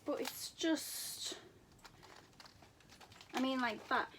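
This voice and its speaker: A woman's voice: high-pitched, drawn-out words, fairly bright tone, a little hiss or hum. A woman giving casual book recommendations on her vlog, gushing and repeating words for emphasis. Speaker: book vlogger.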